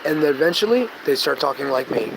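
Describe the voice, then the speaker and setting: A man with a slightly high voice talks through a loose, rambling live-stream chat. He drifts between stories, loses his thread, and sometimes drops into a soft, gentle tone. The hum of air conditioning and passing traffic is plainly heard behind him. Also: quick pace, creaky. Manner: tangential, storytelling, loses his train of thought; gentle, soft-spoken when calming people. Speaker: vlogger.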